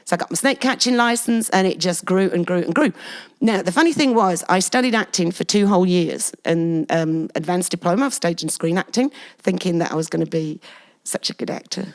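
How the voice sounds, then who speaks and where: Lively woman telling stories. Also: on the low side, a little fast. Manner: lively, animated storyteller with frequent laughs. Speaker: guest. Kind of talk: casual interview storytelling.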